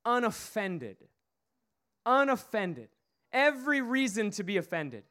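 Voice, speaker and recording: A man's voice: high-pitched, expressive, normal speed, fairly bright tone, clear, resonant tone. A man preaching a sermon, retelling a story emphatically with repeated phrases.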